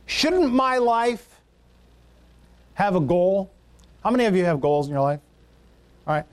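A man with a notably high speaking voice delivers a sermon in church. He talks earnestly and builds his points through long lists and repeated phrases. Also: lively intonation, a little slow. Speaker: pastor.

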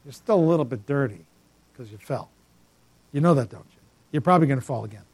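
A man's voice: mid-range voice, lively intonation, fast, a little mellow, husky, no echo, pitched below the performer's own voice. A man playing a smug, judgmental legalist. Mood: condescending. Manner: condescending.

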